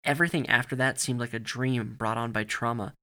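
A man reading a story aloud in a steady, grave narrating manner. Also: medium pitch, fairly quick.

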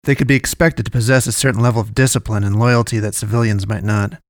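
A man narrating a first-person story in a measured, even way. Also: on the low side, dry recording, studio quality.

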